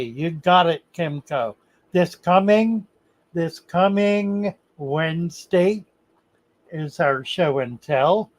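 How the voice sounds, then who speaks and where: An older man hosts a casual livestream chat, reading viewer comments aloud and answering them. His voice sits a little high for a man. He speaks slowly and haltingly. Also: a little mellow, rough recording.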